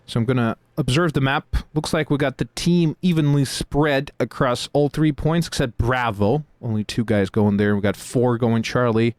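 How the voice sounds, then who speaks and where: A man hosting a live game stream who chats away as he plays, full of fillers and quick laughs. His voice sits at an average pitch. The sound is dry and close to the mic. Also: darkish tone, dry recording. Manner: chatty, with many fillers and laughs. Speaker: host and game narrator. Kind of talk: casual chat while playing a game live.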